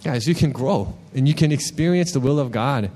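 A man preaching a casual, animated sermon, telling a personal story with frequent asides. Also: mid-range voice, a little fast. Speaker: worship leader preaching.

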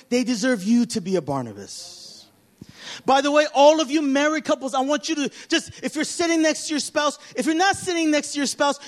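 A man, a pastor, preaching an animated sermon that swings from loud, emphatic passages to hushed, quiet ones. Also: extremely high pitch.

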